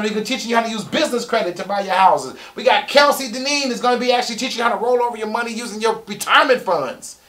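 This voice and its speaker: A middle-aged man pitches his real estate course on a live stream. His voice sits a touch high and rings bright and forceful. He is excitable, repeats key lines for emphasis, and sometimes breaks into loud shouting. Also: a little fast.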